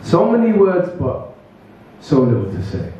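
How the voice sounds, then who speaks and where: A man performs spoken word poetry in a slow, measured rhythm, dropping into casual asides between pieces. His tone is mellow and dark, and he sounds distant, as if picked up from across an echoey room. The sound is muffled and dull. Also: high voice, wildly swooping pitch, a little hiss or hum. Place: open mic event venue.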